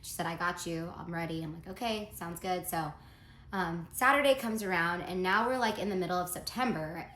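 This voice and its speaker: A woman's voice: fairly low pitch, a little fast, fairly bright tone, roomy sound, slight background noise. A woman casually telling a dramatic personal story, acting out the texts and lines she quotes.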